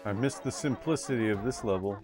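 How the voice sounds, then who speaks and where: A man's voice: lowish voice, fairly quick. A man streaming a retro game, chatting casually and muttering to himself as he plays, easily frustrated. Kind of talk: casual live gameplay chat. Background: game music.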